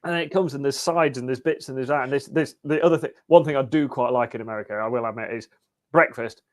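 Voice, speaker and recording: A man's voice: medium pitch, fast talker, darkish tone. A man talking as a podcast guest, easygoing and chatty with a dry, wry humour. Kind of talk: casual interview chat.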